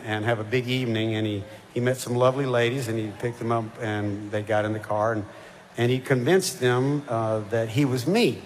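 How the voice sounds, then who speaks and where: A man's voice: medium pitch, a little hiss or hum. Rambling older man on a concert stage. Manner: rambling, halting, many fillers. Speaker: touring singer. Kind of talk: onstage banter between songs. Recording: live hall reverb with band music.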